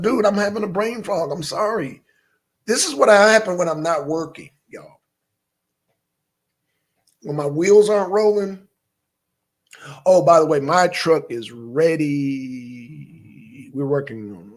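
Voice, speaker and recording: This live-stream host has a voice on the high side and an unhurried delivery with long pauses. He chats casually with viewers, reading out chat names and firing off questions, animated throughout, sometimes bursting into shouted questions or muttering to himself.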